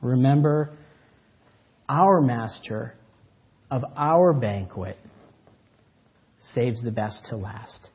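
A man preaching a sermon as pastor, swinging between loud emphatic lines and soft drawn-out words. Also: mid-range voice, expressive, slightly rough. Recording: dull lo-fi church audio.

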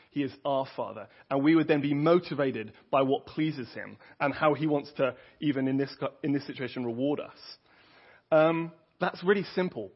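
Earnest, husky-voiced man preaching. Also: on the high side. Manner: earnest, conversational, with frequent restarts. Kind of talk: sermon. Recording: dull lo-fi audio.

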